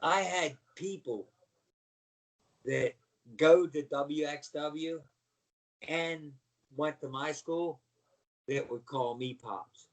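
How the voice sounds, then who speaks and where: A middle-aged man with a fairly high voice, talking as a guest. He tells his stories with animated energy and keeps checking in with the listener. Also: takes it slowly, pauses often. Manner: animated storyteller, repeats "you know what I mean". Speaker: guest, former pro wrestler. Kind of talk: casual chat.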